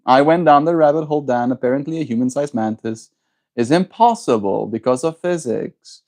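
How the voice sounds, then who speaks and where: A man's voice: mid-range voice, moderate pace, a little mellow. A man livestreaming, musing in loose casual chat and answering his viewers' messages.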